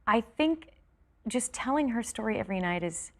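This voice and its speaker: A woman from California, a stage actress, chatting as an interview guest, tired and quick with many fillers and restarts. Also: fairly high pitch, animated. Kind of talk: casual interview chat.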